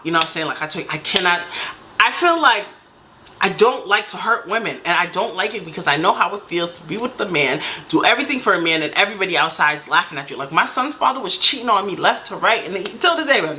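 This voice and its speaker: A woman telling a personal story to camera in a casual, animated way, acting out what others said. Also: on the low side, fairly quick, slight background noise. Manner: animated, acts out quotes in voices. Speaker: storytime vlogger.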